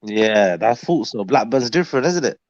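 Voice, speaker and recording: A man's voice: medium pitch, expressive, normal speed, no room sound. A man on a panel, asking curious questions in casual chat over lo-fi call audio. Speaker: panel guest.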